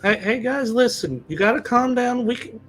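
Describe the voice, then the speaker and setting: High-voiced man, stammering player. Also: expressive, normal speed, a bit bright. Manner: stammering, repeats words. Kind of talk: tabletop game play.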